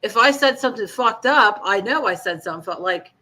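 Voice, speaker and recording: Woman co-host, casual chat, bright edgy tone, blunt and candid, swears freely. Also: medium pitch, expressive, fairly quick. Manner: candid, blunt, swears and laughs while telling a story.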